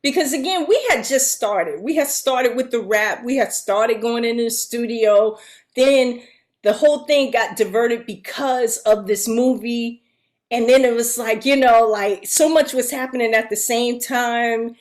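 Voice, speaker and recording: A middle-aged woman, a guest actress, telling a story in a casual, animated way, acting out the voices of other people and laughing often. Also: on the high side, measured pace.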